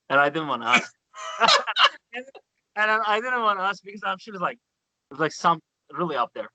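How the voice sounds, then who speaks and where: A man, a guest bassist, chatting casually and telling rambling stories with many restarts. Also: wildly swooping pitch, fairly quick, long pauses, pushed and bright, no echo, low-quality recording. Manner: rambling anecdotes full of restarts, "dude" and "man". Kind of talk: casual chat.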